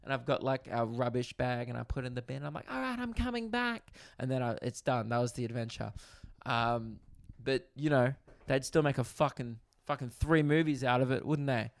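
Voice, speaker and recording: Gravelly-voiced Australian comedian ranting. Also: male voice, medium pitch, fairly even intonation, normal speed, no echo, studio quality. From Australia, Victoria. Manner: crude, profane storytelling with frequent asides. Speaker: comedian host. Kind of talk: comedic podcast monologue. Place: hotel room in quarantine.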